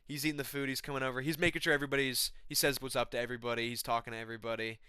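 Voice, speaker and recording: Bright, clear-voiced laid-back young man. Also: mid-range voice, level tone, very fast, dry recording, clean studio sound. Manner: laid-back, rambling, slangy. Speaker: vlogger. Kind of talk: casual comedic monologue.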